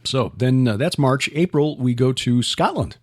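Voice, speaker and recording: A man's voice: mid-range voice, lively intonation, unhurried, slightly rough. A man hosting a podcast, chatting casually about upcoming events with many fillers and restarts. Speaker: podcast host. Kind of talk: casual chat.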